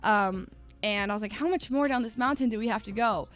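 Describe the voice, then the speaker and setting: A young woman livestreamer telling a story in a casual, animated way, laughing often and acting out quotes in a higher voice. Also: brisk, faint music behind. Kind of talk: casual storytelling to stream chat.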